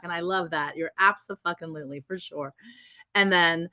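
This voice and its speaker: A woman podcast host with a mid-pitched voice gushes over her guest with eager warmth. Her sound is close and dry, with no room around it. She laughs easily and piles on praise. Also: brisk, no echo. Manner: effusive, gushing, laughs often. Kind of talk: enthusiastic interview chat.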